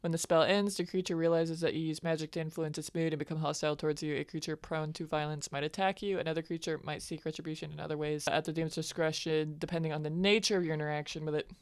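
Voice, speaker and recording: A woman playing a tabletop game. She chats casually, laughs often and now and then slips into a high, sweet voice for her character. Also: level tone, fast, few pauses, smooth, no room sound. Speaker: player.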